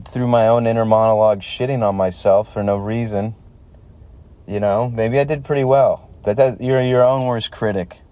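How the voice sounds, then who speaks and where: A man's voice: mid-range voice, dark tone. A man in his thirties hosting a solo comedy podcast, ranting sarcastically and swearing freely from a laundromat. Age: 30s. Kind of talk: solo stand-up style rant.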